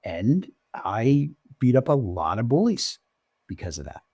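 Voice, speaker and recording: A man co-hosting a podcast, telling stories in casual chat and jumping up in pitch when he gets excited. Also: measured pace, slightly rough, dry recording. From Oregon. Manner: animated storyteller, pitch jumps when excited. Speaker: podcast co-host.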